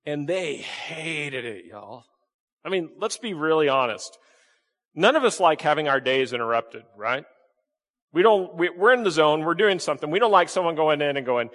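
Folksy pastor preaching in a hall. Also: male voice, lively intonation, moderate pace, fairly bright tone. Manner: folksy, acts out voices with big pitch jumps. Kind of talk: sermon. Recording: echoey hall reverb.

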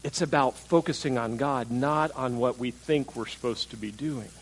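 A man's voice: mid-range voice, moderate pace, slight background noise, rough recording. Male pastor, everyday sermon voice, talks with the congregation and puts on mocking voices for quotes. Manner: conversational preaching, asks the congregation questions.

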